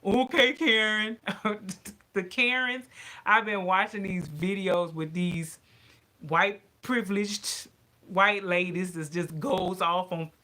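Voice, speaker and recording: A woman vlogger chatting casually to her viewers, animated and given to ranting. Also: medium pitch, slow. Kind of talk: casual chat to camera.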